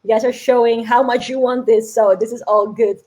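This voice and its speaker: A woman's voice: a little high, steady tone, fairly quick, dark tone, rough recording. A woman hosting a live online challenge, giving a bubbly, upbeat motivational talk, often laughing and urging viewers to comment. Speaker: host of an online business challenge.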